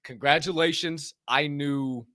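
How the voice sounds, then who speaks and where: A man hosting a casual livestream, excitedly and profanely greeting people in the chat by name. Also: on the high side, unhurried, heavy background noise. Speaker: livestream show host.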